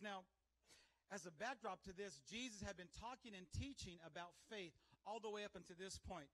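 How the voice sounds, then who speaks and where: A male pastor delivers a lively sermon in a fairly high voice. He calls out to his congregation for answers and keeps his energy up throughout. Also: fairly quick. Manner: energetic, call-and-response with congregation.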